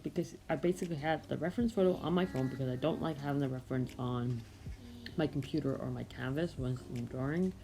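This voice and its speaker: Her voice is low-pitched, gravelly, and mellow as she narrates her drawing in a meandering, casual way, frequently hesitating and correcting herself. The audio is poor, with a bit of hiss or hum.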